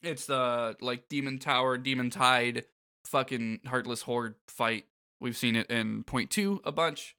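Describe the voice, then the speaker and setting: A man's voice: mid-range voice, steady tone, measured pace, sharp tone, smooth. A man co-hosting a podcast, recapping a video game in casual, joking chat with frequent swearing and laughter. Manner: joking, profane, laughs often. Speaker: podcast co-host.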